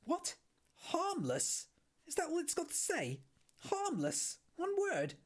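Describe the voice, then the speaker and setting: A man plays a flustered young Englishman, shrill with disbelief, in a quiet ASMR storybook reading. The voice is breathy and soars high, swinging wildly in pitch. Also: very animated, fairly quick, full character voice. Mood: outraged. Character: panicky indignant Englishman, young adult.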